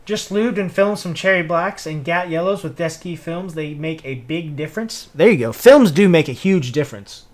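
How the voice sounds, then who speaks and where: A man's voice: on the high side, normal speed, few pauses. A man from Tennessee with a Southern accent, chatting casually with viewers on a livestream while he works, greeting people and humming to himself. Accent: Southern American (Tennessee). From Tennessee, USA. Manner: laid-back, greets viewers, mutters and hums while working.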